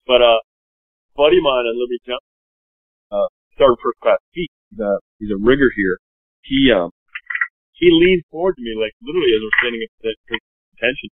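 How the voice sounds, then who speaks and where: A man's voice: mid-range voice, expressive, a little fast, long pauses, husky, no room sound. A man appearing as a podcast guest, telling stories casually in a rambling way full of "you know". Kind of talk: casual storytelling chat. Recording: dry, phone-like narrow sound.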